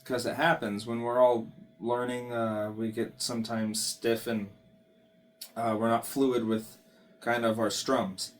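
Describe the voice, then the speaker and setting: A man giving a casual guitar lesson, explaining strumming in a relaxed way and counting beats aloud. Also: mid-range voice, a little slow. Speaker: guitar teacher. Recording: guitar playing behind the voice.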